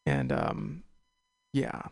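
A man's voice: rumbling low, sing-song, drawn-out words, creaky, faint music behind. A young man hosting a casual radio show, rambling and hesitant with lots of fillers.

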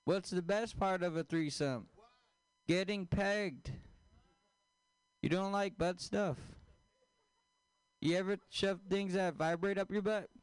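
High-pitched guy doing deadpan stand-up, slow and smooth, dry close sound. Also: dry recording. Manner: deadpan, crude punchlines, asks the audience questions. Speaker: stand-up comedian. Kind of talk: stand-up comedy set.

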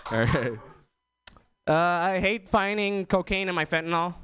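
At an open-mic night, a young male comedian rambles through his routine, full of filler words and laughing at his own material. He has a high-pitched voice, and background noise can be heard.

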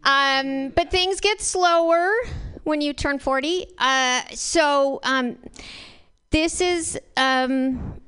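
A woman in her forties doing a dry, awkward, deadpan open mic stand-up set. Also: high-pitched, very slow. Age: 40s. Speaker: stand-up comedian.

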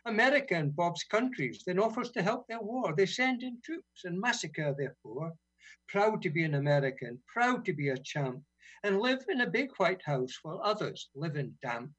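A man from Britain reading his own poems on community radio, relaxed and wry between blunt, sweary verses. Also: sits high, normal speed, husky. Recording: dull lo-fi radio sound.

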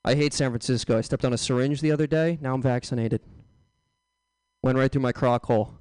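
A young man working a comedy club stage with a handheld mic, loud and jokey with the crowd. His voice is smooth and clean, and the sound is dry and close, with little room around it. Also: mid-range voice, brisk, no echo. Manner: loud, jokey crowd banter with sudden yelps. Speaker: stand-up comic. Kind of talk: stand-up comedy set.

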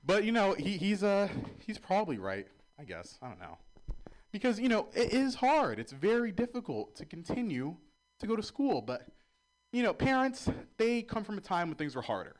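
Self-deprecating comic with a lively voice. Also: male voice, sits high, normal speed. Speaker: stand-up comedian. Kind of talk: stand-up comedy set.

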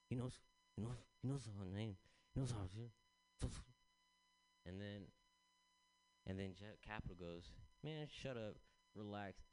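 A man's voice: low voice, poor audio. A man telling a rambling stand-up story, swearing and acting out the people he quotes. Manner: animated, swearing, acts out quotes. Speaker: stand-up comedian.

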